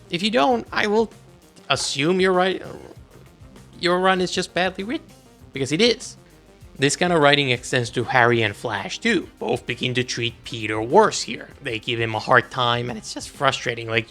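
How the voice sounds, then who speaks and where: Exasperated, animated male video essayist. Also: on the high side, moderate pace. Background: faint background music.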